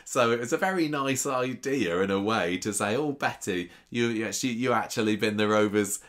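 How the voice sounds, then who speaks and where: A man's voice: lowish voice, a little fast, a bit bright. A man co-hosting a podcast, chatting casually and recounting soap opera storylines with asides. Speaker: podcast co-host.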